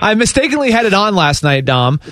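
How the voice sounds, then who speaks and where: A man's voice: sits high, no room sound, studio quality. A man co-hosting a sports radio show, ranting casually and emphatically. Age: adult with young children. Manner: animated, emphatic, quick rants.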